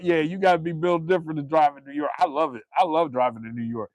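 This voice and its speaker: A young man from New Jersey with a New Jersey accent, chatting casually on a live stream, animated and profane, laughing often. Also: a little high, quick pace, few pauses, no echo.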